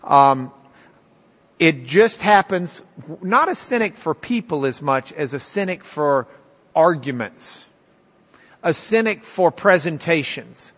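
A man in his fifties gives a Bible class to a live audience, his fairly high voice bright and clear. He talks in a loose, conversational way, full of ums and restarts. A long reverb from the large room trails after each phrase. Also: animated, slow. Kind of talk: storytelling lecture.

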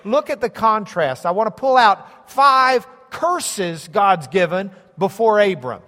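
A man's voice: high-pitched, lively intonation, slow pace, pushed and bright, in a large hall. A man preaching a sermon, explaining a map and stressing points through emphatic repetition. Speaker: pastor.

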